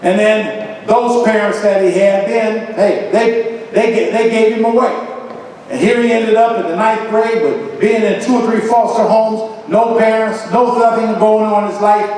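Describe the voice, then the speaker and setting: A man's voice: high voice, steady tone, moderate pace, a little mellow. A man from Ohio giving a motivational lecture, with an emphatic, dramatic preaching cadence and chanted refrains. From Columbus, Ohio. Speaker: motivational speaker. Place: large hall. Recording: echoey hall from far off.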